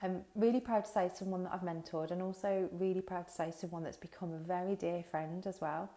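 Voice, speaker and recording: A woman's voice: lowish voice, fairly even intonation, brisk, dark tone. A woman hosting a casual livestream chat, talking straight to her viewers in a chatty, swearing, unfiltered way over a headset mic. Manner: chatty, swears freely, talks to viewers directly. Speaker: business coach hosting a livestream. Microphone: headphones with mic.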